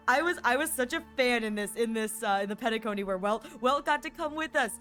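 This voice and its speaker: A woman streaming a game, chatting casually in a rambling, giggly way, full of "like" and restarts. Her voice sits a little high. Faint music plays underneath. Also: animated, a little fast, a bit bright. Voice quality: rambling and giggly, with lots of fillers. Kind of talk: casual chat while gaming.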